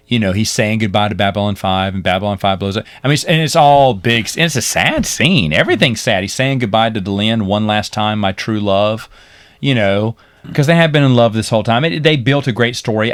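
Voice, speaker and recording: A man co-hosting a podcast, retelling TV episodes in a rambling, animated way with laughs. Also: on the low side, clear, resonant tone, dry recording. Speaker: podcast co-host. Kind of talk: casual chat recapping a TV series.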